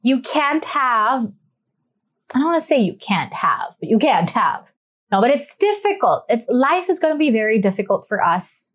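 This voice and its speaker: A young woman talks things through in a casual, reflective way, her voice sitting a little on the high side. She is earnest and chatty, and she slows down when she wants to drive a point home. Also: very animated.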